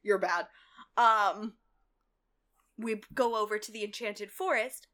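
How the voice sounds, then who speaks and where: A woman co-hosting a casual TV recap, animated, laughing often and swearing freely. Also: mid-range voice, slow pace. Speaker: podcast co-host.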